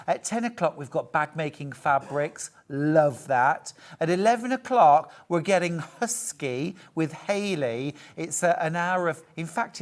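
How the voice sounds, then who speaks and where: A middle-aged woman with a low voice hosts a live shopping channel demonstration. She is chatty and upbeat, full of little jokes and asides as she shows off products.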